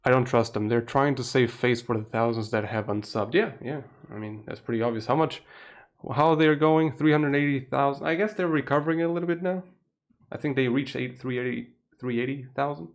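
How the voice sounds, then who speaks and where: A young man with a Portuguese accent, from Portugal, chats a little fast on a live stream at night in a home room. He keeps his voice low, laughs frequently, and drops casual swears.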